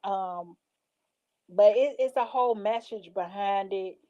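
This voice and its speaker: A woman's voice: mid-range voice, slow, mellow, lo-fi sound. A woman in casual vlog chat, reading out show titles and reacting with slangy asides. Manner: chatty, reads titles aloud, slangy asides. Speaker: vlogger reacting to show picks.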